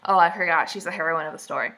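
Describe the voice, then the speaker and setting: Bright, sarcastic chatty woman. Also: fairly low pitch, rapid-fire. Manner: sarcastic, mocking, chatty with many "like"s. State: just woken up. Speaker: book reviewer vlogger. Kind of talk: casual book commentary.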